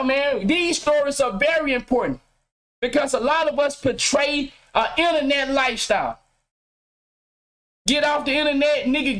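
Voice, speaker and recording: A middle-aged man talks straight to his livestream chat from his game room at home. His voice sits high for a man, and he swears freely and lectures his viewers. He often breaks into loud shouting. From Mississippi, US. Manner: profane, preachy, bursts into shouting. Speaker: podcast host. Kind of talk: casual livestream rant.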